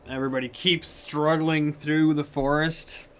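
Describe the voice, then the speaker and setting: A man narrating as game master of a tabletop game, describing scenes in slow, halting sentences with fillers. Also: fairly high pitch, flat delivery, fairly bright tone, smooth.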